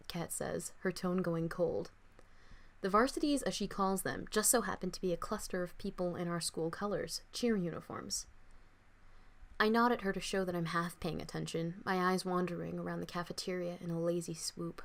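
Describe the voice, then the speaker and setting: A young woman, an author, reading her own fiction aloud in an expressive, dramatic first-person audiobook style. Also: fairly low pitch, normal speed.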